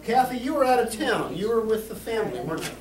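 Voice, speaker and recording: A man's voice: sits high, sing-song, fast, crowd noise. A man hosting an organ concert, teasing the audience with goofy, corny jokes. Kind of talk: joking concert patter. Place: organ showroom hall. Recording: roomy, distant, faint room noise.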